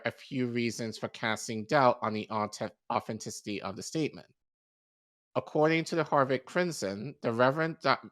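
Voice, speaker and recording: A man co-hosting a podcast who reads an article aloud, with steady delivery and occasional stumbles and self-corrections. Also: mid-range voice, dry recording. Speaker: podcast co-host.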